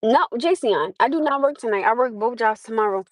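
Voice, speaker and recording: A woman's voice: fairly high pitch, expressive, brisk, no echo, poor audio. A tired woman hosting a casual livestream, chatting bluntly and swearing freely. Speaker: livestream host. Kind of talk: casual chat.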